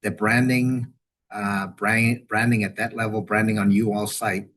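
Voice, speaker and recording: Husky-voiced man, rambling and restarting. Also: lowish voice, unhurried. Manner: rambling, restarts and repeats words, animated when quoting. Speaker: university veterans director, webinar guest. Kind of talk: conversational webinar interview.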